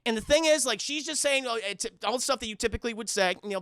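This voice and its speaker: A man's voice: extremely high pitch, lively intonation, quick pace, creaky, hardly any pauses, bright, forceful tone, no room sound. A man streaming a casual, profane, rambling film recap to his chat. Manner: profane, rambling, many fillers.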